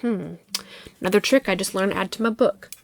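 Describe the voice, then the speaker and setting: A woman's voice: mid-range voice, fairly quick, vocal fry. A young adult woman hosting a podcast, retelling a personal drama in a heated, profane, indignant way. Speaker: podcast host. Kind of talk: casual storytelling monologue.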